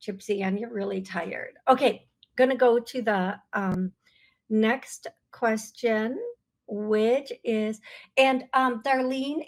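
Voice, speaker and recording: Woman psychic host, call-in radio, unhurried and earnest, higher voice. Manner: slow, searching, apologetic, earnest.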